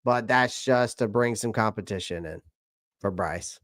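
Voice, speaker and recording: A man's voice: lowish voice, unhurried, fairly bright tone, no room sound, clean studio sound. A man from South Carolina, hosting a casual live stream, reading out viewer comments and answering them in a chatty way that repeats his points. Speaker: channel host answering live chat.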